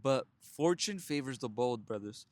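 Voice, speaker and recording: A man's voice: medium pitch, normal speed, no room sound. Blunt, profane young man preaching. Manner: blunt and profane, addresses listeners as brothers; animated storytelling with frequent laughs. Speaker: self-help vlogger. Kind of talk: casual motivational monologue.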